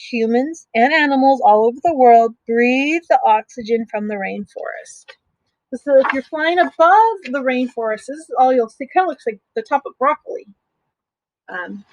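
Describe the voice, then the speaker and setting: A middle-aged woman teacher reading a picture book aloud to young students, explaining slowly with simple asides. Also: on the high side, dry recording, poor audio.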